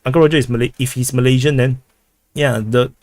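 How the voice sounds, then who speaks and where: Answering viewers' questions on a casual livestream, a Singaporean-accented man stumbles along, repeating words and restarting with "uh." He speaks at a medium, steady pitch in a darkish tone, and the recording has no room sound.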